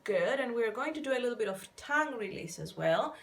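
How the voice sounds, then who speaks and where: A woman vocal coach gently guiding listeners through a warm-up, counting and demonstrating each exercise in an encouraging way. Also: on the high side, expressive, a little fast. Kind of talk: guided vocal warm-up instruction. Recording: faint piano underneath.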